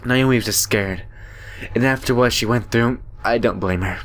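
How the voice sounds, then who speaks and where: A young YouTuber working through a horror game narrates its story with dramatic flair and humorous side remarks, reading the visual novel aloud. He has a mid-range, somewhat bright voice and keeps a moderate pace.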